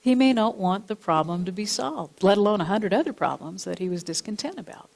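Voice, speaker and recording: A woman minister delivers a sermon featuring a personal anecdote from counseling, restating and rewording her points throughout, in a church sanctuary. She speaks fairly quickly and animatedly at medium pitch, a little mellow, with vocal fry.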